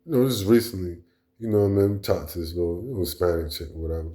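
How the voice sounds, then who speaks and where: A man's voice: deep voice, fairly even intonation, very fast, mellow. A man delivering a blunt, profane, rambling monologue as a vlog host. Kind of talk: casual monologue rant.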